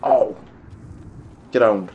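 A man's voice: very slow, a little mellow, lo-fi sound. A young man giving gameplay commentary, muttering to himself and swearing at the game. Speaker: gaming YouTuber.

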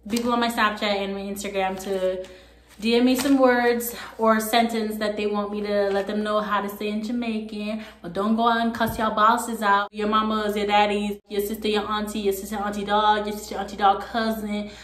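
A woman's voice: medium pitch, level tone, moderate pace, echoey room, a little hiss or hum. A young woman hosting her own vlog, talking casually and playfully to her viewers. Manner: chatty, playful. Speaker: vlogger.

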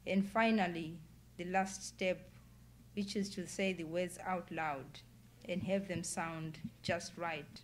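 A woman author reading her own novel aloud at an indoor public event, in a measured, deliberate way. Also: on the low side, steady tone, a little hiss or hum. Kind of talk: literary reading.

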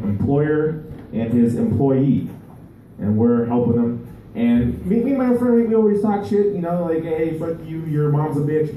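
A male stand-up comedian performing a live set, rambling and halting, with many restarts. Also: medium pitch, phone-quality sound, a little hiss or hum. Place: live comedy venue with audience. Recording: echoey room, voice far from mic.

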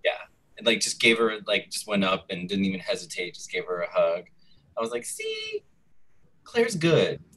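A man's voice: low voice, fairly quick, vocal fry, pushed and bright, poor audio. A man co-hosting a casual chat, thinking aloud as he recaps a soap opera. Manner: chatty, thinks aloud as he talks. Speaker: co-host.

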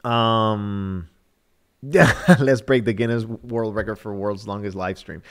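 A man's voice: fairly low pitch, fairly even intonation, takes it slowly. A man from Nicaragua hosting a live-stream phone review, talking casually with many fillers and restarts. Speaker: livestream host reviewing a phone.

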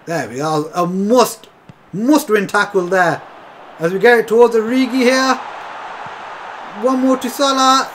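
Game commentator, frustrated and foul-mouthed, very animated delivery. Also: medium pitch, measured pace, a little hiss or hum. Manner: exasperated, swears a lot, talks to viewers as lads. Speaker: gaming commentator. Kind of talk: live gameplay commentary.

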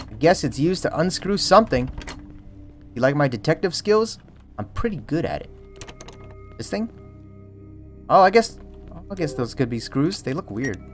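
A young man narrates his horror playthrough in a slightly high, very lively voice. He jokes between scares and breaks into yelps and panicked chatter when something jumps out. Quiet game music plays behind him. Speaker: streamer playing a horror game. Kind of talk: let's play commentary. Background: faint game music.

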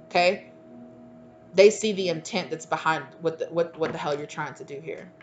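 A woman reading tarot cards in a loose, chatty way, slangy and sassy. Her voice sits fairly low, and she teases herself as she goes. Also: moderate pace, a little hiss or hum. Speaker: tarot reader. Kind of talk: casual channeled tarot reading.

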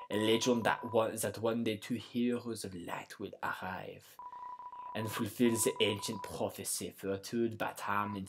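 A man reading game dialogue aloud as a gentle, solemn young prince of darkness, putting on a bad French accent. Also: mid-range voice, noisy background, lightly acted. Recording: game music playing clearly behind.

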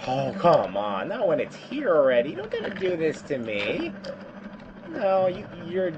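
A man's voice: a little high, huge pitch swings, measured pace, lo-fi sound, background noise. A man giving let's play commentary, swearing and complaining with jumpy outbursts. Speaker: gamer.

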